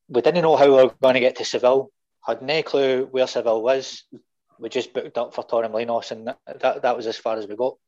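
Middle-aged Scottish guest, lively yarn-spinner, mid pitch, muffled audio. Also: male voice. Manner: animated anecdotes with swearing and voiced quotes. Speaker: guest fan. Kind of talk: casual storytelling.

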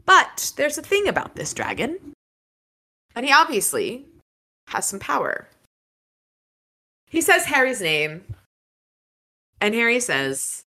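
A woman's voice: a little high, wildly swooping pitch, slow pace, long pauses, sharp tone. A woman hosting a casual book discussion, retelling the story with enthusiasm. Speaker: podcast host.

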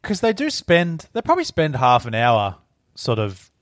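A man, co-hosting a casual film discussion, critical and swearing, quoting characters in a flat voice. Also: mid-range voice, moderate pace, no room sound, studio quality. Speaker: podcast co-host.

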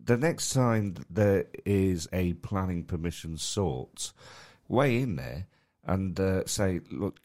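A man's voice: deep voice, lively intonation, slow pace, few pauses, a little mellow. A man co-hosting a comedy podcast, speaking in casual banter with a dry, lecturing, teasing manner. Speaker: podcast co-host.

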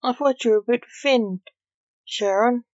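A woman's voice: mid-range voice, fairly even intonation, normal speed, darkish tone, dry recording, close to an everyday voice. A mocking, defiant young man, as a woman reads him, taunting with cheek. It is a storybook reading in a dry, dull lo-fi recording.

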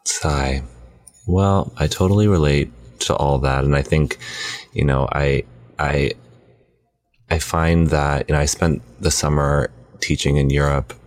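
A man co-hosting a podcast, talking in a relaxed, reflective way with many fillers, close to the mic. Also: very deep voice, a little slow. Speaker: podcast co-host. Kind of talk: casual chat. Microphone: close mic on weight plates.

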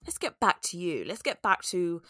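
A woman's voice: on the low side, very animated, moderate pace, a bit bright, dry recording, studio quality. A woman hosting her own podcast, talking chattily and with feeling to her listeners. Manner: emotional, grateful, chatty. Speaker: podcast host. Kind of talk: solo podcast talk.

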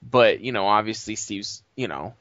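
A man's voice: on the low side, animated, normal speed, a bit bright. A brash man riffs on a late-night podcast, joking, bragging and cursing casually. His voice comes through a dull, lo-fi recording in a dry room with no echo. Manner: brash, joking, swears freely. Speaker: podcast co-host. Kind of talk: casual chat.

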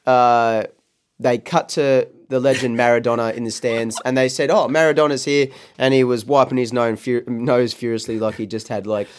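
A man's voice: mid-range voice, steady tone, normal speed, a little hiss or hum. A man co-hosting a podcast, rambling through jokey stories with plenty of swearing. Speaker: podcast co-host. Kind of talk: casual banter.

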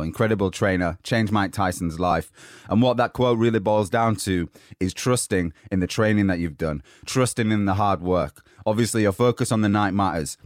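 A man hosting a motivational podcast, giving an upbeat, energetic pep talk while slightly out of breath. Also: fairly low pitch, no room sound, studio quality. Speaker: podcast host.

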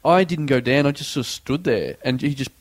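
A man's voice: medium pitch, brisk, no echo. A young Australian man telling a story in casual chat, acting out the voices of the people in it. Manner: animated, acts out voices in anecdotes. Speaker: podcast co-host.

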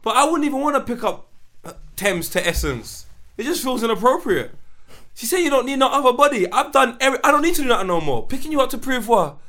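A man's voice: very high voice, big pitch swings, a bit bright. A young man, co-hosting a casual podcast chat, joking and poking fun at himself. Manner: fast, joking, self-mocking, London slang. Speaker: podcast co-host.

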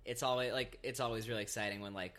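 A man's voice: medium pitch, fairly even intonation, quick pace, fairly bright tone. A young man co-hosting a podcast in casual chat, easygoing, agreeable and a little sheepish. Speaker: podcast co-host.

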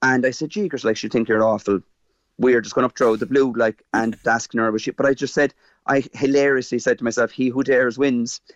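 A man in his fifties with a Cork Irish accent, telling a personal story in a radio interview, halting with fillers and restarts. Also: mid-range voice, fairly even intonation, dry recording, highs cut off. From Ireland. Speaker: guest.

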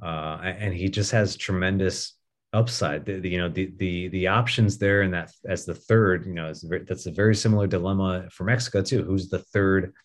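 Brief: male podcast guest, low voice, relaxed and thoughtful delivery. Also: moderate pace. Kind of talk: casual soccer podcast chat.

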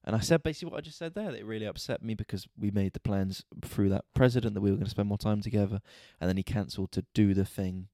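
A man hosting a podcast, telling a story in an exasperated, sweary, animated rant. He is a stand-up comedian talking casually. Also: fairly low pitch, quick pace, hardly any pauses, no echo, clean studio sound. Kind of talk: casual ranting monologue.

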